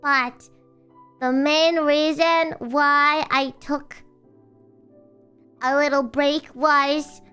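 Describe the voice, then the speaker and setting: Bubbly woman streamer, bright and sharp tone, rambling casual chat full of restarts. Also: high-pitched, fairly even intonation, very slow, pauses often, soft background music. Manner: rambling, bubbly, self-teasing with frequent restarts.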